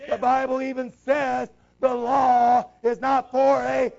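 A man preaching a sermon with passion, breaking into shouts and slowing down to stress his key lines. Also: very high voice, completely flat delivery, creaky. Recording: dull lo-fi recording.

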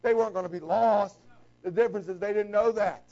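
A man preaching a sermon with passion, breaking into shouts and slowing down to stress his key lines. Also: high voice. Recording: dull lo-fi recording.

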